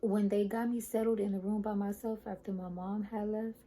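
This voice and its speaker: Young woman vlogging a storytime, talks to "y'all", pretty flat and mellow delivery. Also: mid-range voice, moderate pace, low-quality recording. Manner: chatty, addresses viewers as "y'all", animated retelling. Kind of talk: casual storytime vlog.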